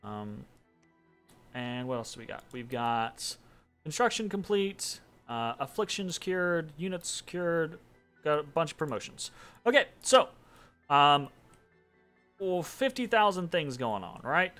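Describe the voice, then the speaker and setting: A man's voice: on the high side, big pitch swings, takes it slowly, pauses often, a bit bright, soft background music. A man casually commenting on his strategy game turn, thinking aloud with many ums and restarts. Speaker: game streamer. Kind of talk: casual let's-play commentary.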